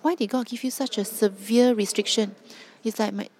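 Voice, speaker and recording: A woman's voice: a little high, fairly even intonation, normal speed, a little mellow. A woman preaching a sermon, emphatic and driving points home with repeated rhetorical questions.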